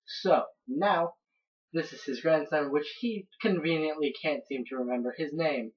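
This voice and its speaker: Woman gamer, low voice, rambling let's-play commentary, dull lo-fi recording. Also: moderate pace. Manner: rambling, chatty, narrates each step. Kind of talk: casual game commentary.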